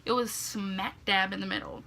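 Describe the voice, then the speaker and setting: A woman's voice: mid-range voice, fairly even intonation, normal speed, creaky, noisy background. A young woman telling a rambling story to camera in a casual vlog, leaning heavily on "like" and "legit" and breaking into laughs, sleepy and yawning. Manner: rambling, heavy use of "like" and "legit", frequent laughs. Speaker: vlogger.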